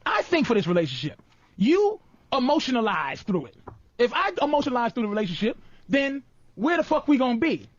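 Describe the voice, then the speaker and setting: High-pitched man, profane radio storyteller. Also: sing-song, brisk, no room sound. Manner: loose, profane storytelling with lots of laughter. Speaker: radio show host. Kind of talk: casual radio talk. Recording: dull, dry lo-fi archive radio recording.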